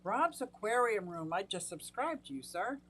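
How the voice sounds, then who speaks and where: A woman's voice: mid-range voice, big pitch swings, moderate pace, fairly bright tone. Chatty middle-aged woman hosting a live stream. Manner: chatty, greets viewers by name. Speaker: aquarium hobbyist live-stream host. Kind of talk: casual live-stream chat.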